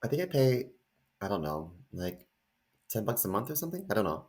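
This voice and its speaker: A man's voice: fairly low pitch, brisk. A man co-hosting a podcast in casual chat, telling jokey stories. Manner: animated, jokey storyteller. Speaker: podcast co-host.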